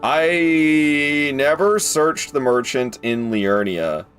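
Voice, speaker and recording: A man giving casual live commentary on a game, excitable, swearing casually and talking to his chat. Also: fairly high pitch, extremely slow, faint music behind. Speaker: game streamer.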